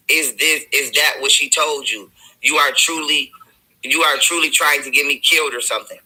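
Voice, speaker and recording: A man with a husky yet very bright, sharp voice who argues defensively. He recounts text messages to defend himself and keeps pushing his side of the story. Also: on the high side, steady tone, normal speed, low-quality recording. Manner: defensive, argumentative, recounting texts. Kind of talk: heated self-defense.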